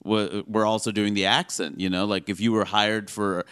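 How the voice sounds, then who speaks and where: A man in his forties from the United States, a comedian talking as an interview guest, quick and wry with lots of filler words. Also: lowish voice, clean tone. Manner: talks fast with many fillers, animated and wry. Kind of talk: conversational interview.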